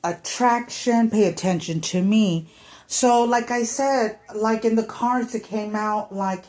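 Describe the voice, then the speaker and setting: A woman's voice: medium pitch, measured pace, darkish tone. A woman giving a casual tarot reading to camera, chatty and full of fillers, sometimes acting out what people might say. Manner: chatty, many fillers, acts out quoted thoughts. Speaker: tarot reader.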